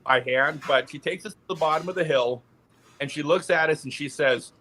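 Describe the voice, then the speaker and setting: A man's voice: a little high, fairly quick. A man, a podcast guest, telling an anecdote in casual chat and laughing in the middle of his sentences. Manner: animated storyteller, laughs mid-sentence.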